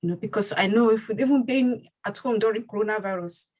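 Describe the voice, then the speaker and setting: A woman's voice: mid-range voice, fast talker, a little mellow, low-quality recording. A woman who leads her community and hosts a panel discussion. She speaks earnestly and repeats phrases for emphasis. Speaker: community leader and host.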